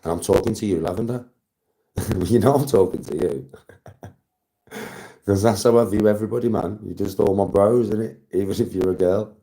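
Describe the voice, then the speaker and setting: A man's voice: lowish voice, moderate pace, pauses often, mellow. A man live-streaming, chatting to his viewers in casual banter, laughing often and swearing freely.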